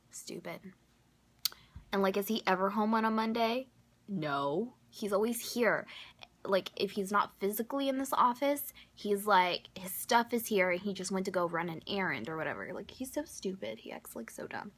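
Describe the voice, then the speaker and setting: A woman's voice: mid-range voice, normal speed, breathy edge. A young woman telling a story in a casual vlog, gossipy and exasperated, filling her talk with "like". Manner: gossipy, exasperated, heavy use of "like". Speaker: vlogger.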